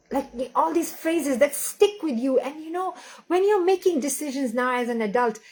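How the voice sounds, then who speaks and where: A woman in her thirties, a parenting coach, speaking earnestly and telling stories from her own family. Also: high voice. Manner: slow, earnest, storytelling with acted quotes. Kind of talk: reflective talk to camera.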